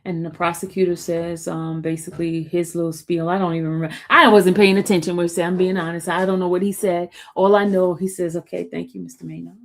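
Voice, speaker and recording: A woman hosts a casual live stream and talks straight to her viewers. She tells the story in a chatty, animated way and keeps calling them y'all. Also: on the low side, a little fast, few pauses. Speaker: show host recapping a trial.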